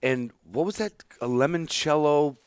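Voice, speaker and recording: A man's voice: fairly high pitch, normal speed, clean tone, no room sound, clean studio sound. A man from Illinois hosting a casual podcast chat, rambling and joking and often restarting his sentences. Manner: rambling, jokey, talks over himself. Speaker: podcast host. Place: indoors at a hunting preserve.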